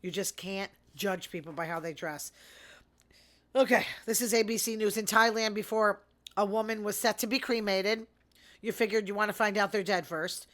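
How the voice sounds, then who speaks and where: A middle-aged woman hosting her own show, chatting in a rambling, sarcastic way and talking fast. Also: medium pitch, steady tone, a bit bright. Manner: fast talker. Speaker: podcast host. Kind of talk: casual solo commentary.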